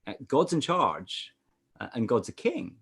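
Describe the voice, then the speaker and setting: A Scottish man preaching as a pastor over a video call, animated, with frequent "uh" fillers. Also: medium pitch, unhurried, vocal fry, breathy edge. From Scotland. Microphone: computer mic on a video call.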